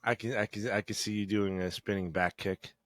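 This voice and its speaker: A man's voice: on the low side, steady tone, fairly quick, a bit bright. A man co-hosting a podcast, rambling and hesitant, often restarting his thoughts. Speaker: podcast co-host. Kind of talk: casual podcast chat.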